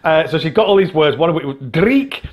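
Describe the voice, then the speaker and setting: A man from Britain with a slightly high voice tells stories as a podcast co-host. He laughs often and restarts his sentences as he goes along. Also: fairly quick. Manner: animated storyteller, laughs often, many restarts. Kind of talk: casual chat.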